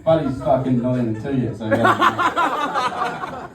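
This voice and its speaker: A man's voice: on the high side, wildly swooping pitch, measured pace, distant mic. Crude, laughing stand-up man, echoey room. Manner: crude, rambling storytelling that keeps breaking into laughter. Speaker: stand-up comedian. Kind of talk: stand-up set. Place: comedy venue stage. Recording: echoey, noisy room miked from afar.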